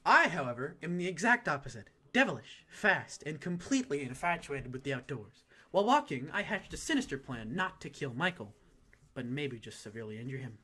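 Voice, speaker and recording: A man reading a story aloud, with an animated delivery full of sudden loud emphatic rises. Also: fairly high pitch, fairly quick, husky. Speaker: reader.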